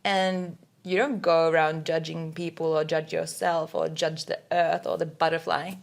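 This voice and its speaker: A woman's voice: low voice, little pitch movement, normal speed, creaky. A woman co-hosting a podcast in casual chat, musing dreamily and filling her talk with "like". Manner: musing, dreamy, full of "like" fillers. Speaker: podcast co-host.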